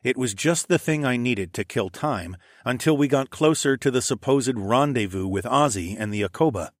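A man reads a first-person fantasy audiobook in a wry, sardonic voice and drops in the odd curse. His voice sits at a middle pitch. The recording is dry and close, with no room sound. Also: animated, normal speed, dry recording. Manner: wry and sardonic, with casual profanity. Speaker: audiobook narrator.

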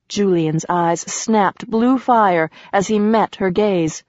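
A woman narrating an audiobook in a steady storytelling manner. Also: medium pitch, slow, muffled recording. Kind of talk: scripted narration.

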